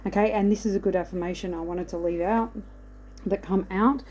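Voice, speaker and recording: A woman's voice: medium pitch, steady tone, a little fast, dark tone, rough recording. A woman giving a casual spiritual card reading, rambling and reassuring, often checking in with "okay". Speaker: oracle card reader.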